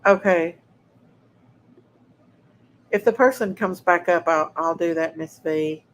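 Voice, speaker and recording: A woman hosting a casual livestream, speaking slowly and deliberately in a somewhat low voice. She talks straight to her chat viewers and sounds indignant and outraged. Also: slight background noise, rough recording. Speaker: livestream host.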